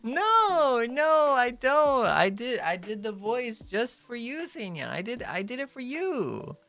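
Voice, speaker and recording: A man's voice: high-pitched, very animated, a little slow, vocal fry, a bit bright, no echo. A young man streaming casual chat, joking and laughing often as he switches between English and Japanese.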